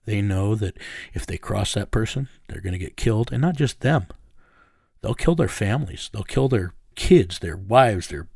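A man being interviewed, recounting a raid in low, measured storytelling that sinks to a menacing hush. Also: animated, vocal fry, slightly rough, dry recording, clean studio sound. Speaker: interview guest.

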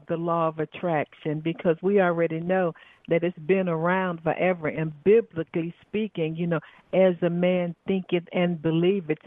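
A woman's voice: fairly low pitch, dry recording. Southern woman on a tinny phone line. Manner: earnest, spiritual, with frequent filler words. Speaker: guest, radio talk show host and coach. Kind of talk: storytelling interview talk. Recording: dry phone-line audio.

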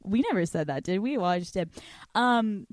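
A woman's voice: mid-range voice, animated, normal speed, darkish tone, no echo, clean studio sound. A young woman hosting a podcast, talking in a brash, profane way with lots of laughter while she reads out listener questions and answers them. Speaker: podcast host. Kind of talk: casual podcast monologue, reading listener questions.

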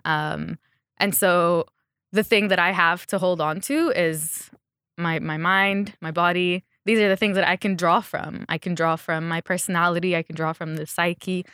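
A woman's voice: on the low side, steady tone, normal speed, fairly bright tone, smooth, dry recording. A woman fashion designer chatting in an interview, laughing often and acting out what people said to her. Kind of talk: casual interview chat. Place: Dubai.

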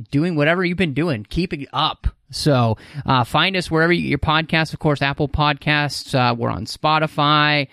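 A man's voice: medium pitch, gravelly, a bit bright, no echo, studio quality. A man from Texas hosting a casual podcast, chatty and rambling with plenty of fillers. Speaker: podcast host. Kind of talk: casual podcast chat and show plugs.

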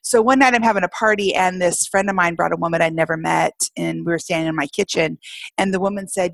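A middle-aged woman being interviewed, telling a story in an animated way, laughing often and acting out what people said. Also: on the low side, quick pace, gravelly, no room sound. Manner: animated, laughs often, acts out quoted voices. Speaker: guest.

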